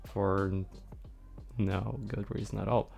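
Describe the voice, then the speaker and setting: Slow, rambling man. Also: fairly low pitch, vocal fry. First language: Norwegian. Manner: relaxed, rambling, searches for words. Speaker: streamer. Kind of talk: casual chat with viewers. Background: faint background music.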